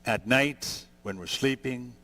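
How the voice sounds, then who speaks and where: A man in his sixties preaching a sermon, conversational and gentle, building to emphatic peaks. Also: medium pitch, slow pace. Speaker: pastor.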